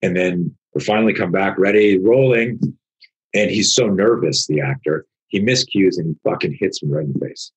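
A man with a very low, husky voice tells a story in casual conversation, animated and profane. He acts out the lines of the people in it and swears freely. He sounds like an older martial arts teacher. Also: brisk, few pauses, highs cut off.

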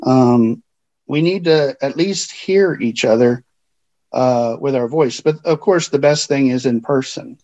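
A man working as a counselor, explaining things in a calm, measured way during a podcast interview. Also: medium pitch, dull audio.

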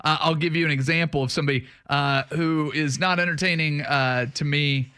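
A man's voice: fairly quick, clean tone, no echo, clean studio sound. A man co-hosting a weekend sports radio show, joking and bantering with his partner. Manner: animated, joking, booming greetings. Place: radio studio.

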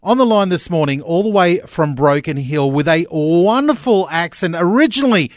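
A man's voice: sits high, lively intonation, normal speed, no echo, studio quality. A man hosting a breakfast radio show, chatting playfully with callers, laughing often and tripping over his words. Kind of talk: casual radio chat.

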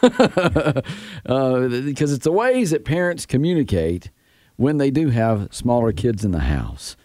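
A man's voice: mid-range voice, sing-song, takes it slowly, darkish tone, no room sound, clean studio sound. A middle-aged man co-hosting a radio show, chatting casually, laughing often and telling stories about his son. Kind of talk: casual morning radio banter.

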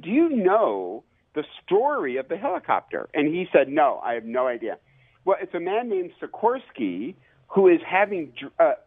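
Author guest, male, animated storyteller, slightly high voice, tinny phone-line sound. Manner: lively, animated storyteller with fillers. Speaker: author and professor. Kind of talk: radio interview, storytelling.

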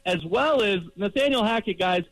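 A man speaking as a sports writer guest on a radio show, measured and earnest. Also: sits high, expressive, a bit bright, no room sound, poor audio. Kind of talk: phone-in radio guest segment.

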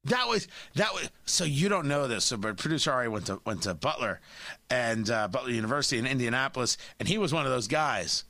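Male talk radio host, blunt and combative, lively high voice, dry studio sound. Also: brisk, no room sound. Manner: blunt, combative, stammers into restarts.

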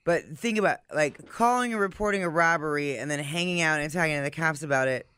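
Bright, smooth-voiced man joking. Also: fairly high pitch, fast. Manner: wry, joking, blunt. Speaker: podcast co-host. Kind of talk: casual chat.

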